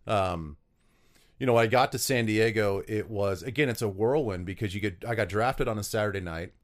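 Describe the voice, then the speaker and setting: A former pro football player from South Dakota tells stories while answering interview questions, rambling with lots of fillers and restarts. His voice is fairly low in pitch and a little fast.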